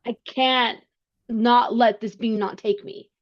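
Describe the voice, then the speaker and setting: A woman as a podcast guest, telling a personal story in conversation, earnest and halting with frequent restarts. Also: fairly high pitch, steady tone. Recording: slightly muffled lo-fi sound.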